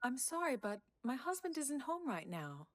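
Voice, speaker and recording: Sweet anime wife, bright, polite, motherly, dub clip. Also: sits high, sing-song, normal speed. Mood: gentle. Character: gentle, doting wife of a leader.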